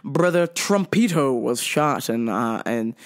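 A woman hosting a podcast, telling stories in a loud, profane, laugh-filled casual rant. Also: very deep voice, animated, takes it slowly. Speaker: podcast host.

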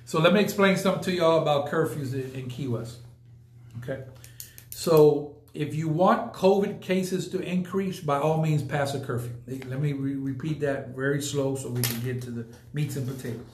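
A man's voice: medium pitch, steady tone, brisk, reverberant. A man hosting a casual podcast, talking emphatically and repeating points for effect. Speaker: podcast host. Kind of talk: casual live podcast talk.

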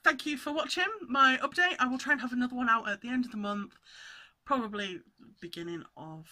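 Woman vlogger, very bright, slightly high, rambling casual chat at home. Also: fairly quick. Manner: chatty, rambling, self-interrupting. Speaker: cross-stitch vlogger.

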